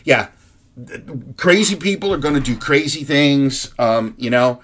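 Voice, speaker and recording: A man's voice: mid-range voice, animated, a little slow, fairly bright tone. A man on a fed-up, impassioned rant, swearing freely and circling back over his points. His talk tumbles with restarts and repeated words, yet stays earnest and heartfelt. It is a plain, ordinary voice in the middle of the usual male range. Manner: angry, profane, rambling with restarts. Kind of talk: impassioned ranting monologue.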